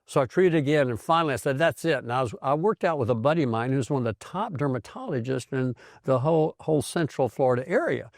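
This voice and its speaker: An older man, a physician, tells his own health story in a lively, conversational way. He drops into the voices of people he quotes, and his voice sits at a middle pitch. The sound is close and dry, with almost no room around it. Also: quick pace, hardly any pauses, dry recording. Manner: animated storyteller who acts out quoted voices. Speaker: physician host.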